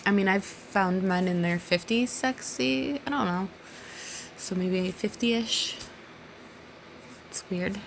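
A drunk woman in her thirties answering listener questions in a casual solo monologue, giggly and rambling, often dropping to a soft near-whisper. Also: medium pitch, takes it slowly, gravelly, long pauses, a little hiss or hum. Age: 30s.

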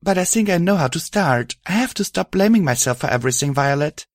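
A man's voice: a little high, animated, no echo, clean studio sound, voice pushed up. A man voicing an anxious, stammering young pony. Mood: guilty. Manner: halting, stammering. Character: anxious guilt-ridden young pony hero.

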